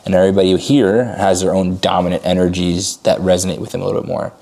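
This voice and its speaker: Guy running a sales coaching call, low gravelly voice, talks super fast, says like constantly. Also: little pitch movement, warm tone. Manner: fast casual talk full of "like" fillers; acts out calls with sudden bursts of high energy.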